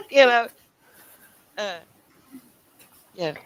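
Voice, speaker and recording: A middle-aged woman hosting a casual chat, telling stories in an animated way, swearing freely and acting out the people she quotes. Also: a little high, extremely slow, no echo. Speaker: show host.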